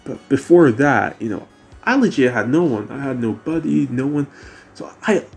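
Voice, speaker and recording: A man's voice: medium pitch, animated, moderate pace, vocal fry, soft background music. A young man with a mixed British and American accent, talking casually about his life in a rambling way with many fillers and restarts. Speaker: vlogger. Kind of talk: casual personal talk.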